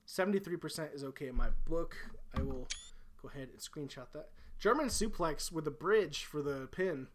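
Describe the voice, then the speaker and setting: A man hosting and giving excitable play-by-play commentary over a wrestling video game, shouting on big moves and relaxing into laid-back asides. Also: fairly high pitch, moderate pace, noisy background.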